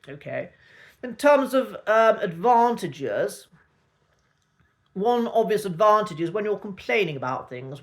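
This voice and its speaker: A man with a traditional Received Pronunciation accent, teaching a spoken lesson with clipped vowels and an authoritative, measured manner. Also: high-pitched. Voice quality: clipped, cut-glass vowels. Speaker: accent coach.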